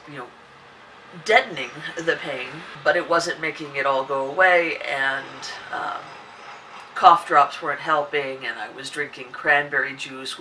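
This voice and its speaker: A woman hosting a podcast in casual chat, her voice husky and hoarse from a sore throat, rambling with many restarts. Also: sharp tone, recorded from a distance, a little hiss or hum. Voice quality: husky, deeper than usual. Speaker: podcast host.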